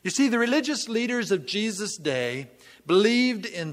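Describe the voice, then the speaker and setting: A man preaching a sermon, reading scripture aloud and then expounding it in an emphatic, measured way. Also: high-pitched, big pitch swings. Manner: emphatic, measured preaching with falling phrase ends. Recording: long hall reverb.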